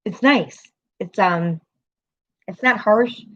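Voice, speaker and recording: Woman rambling on her phone livestream, laughs a lot, swears, mid pitch, kinda muffled lo-fi sound. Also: slow, a bit bright. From American city. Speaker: livestream host. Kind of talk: casual livestream chat.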